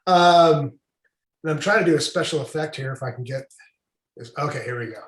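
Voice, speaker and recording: High-voiced joking man in an echoey room. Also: brisk. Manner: rambling, jokey, breaks into silly voices. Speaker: podcast co-host. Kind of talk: casual comedic chat. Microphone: video call.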